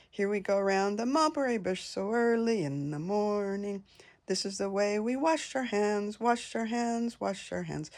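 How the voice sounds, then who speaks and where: An older woman reading nursery rhymes aloud in a gentle singsong. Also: medium pitch. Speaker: storyteller.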